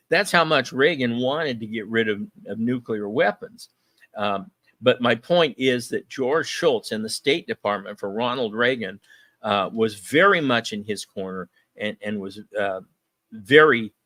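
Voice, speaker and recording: A man hosting a political talk show, telling stories in a folksy, chatty way. He pauses often with ums and uhs. The sound is dry and close, with no room echo. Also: medium pitch, fairly bright tone.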